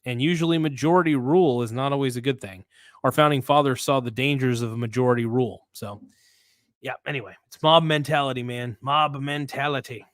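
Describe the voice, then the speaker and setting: A man hosting a casual livestream in a dry, close-sounding room, his pitch sitting right in the middle for a man. He talks bluntly and loosely, with slang and swearing. He reads viewer comments aloud and rambles, restarting sentences as he goes. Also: brisk, dry recording. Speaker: livestream host.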